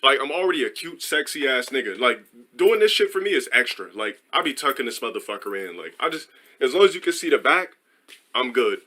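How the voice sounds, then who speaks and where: A man streamer telling a story in a rambling, profane, animated way. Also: medium pitch, a little fast.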